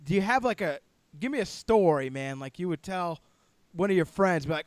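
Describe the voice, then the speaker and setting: High-voiced excitable male podcast host. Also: fairly quick, dry recording. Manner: excitable and enthusiastic, swears casually, says "man" and "dude" a lot. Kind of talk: casual podcast interview.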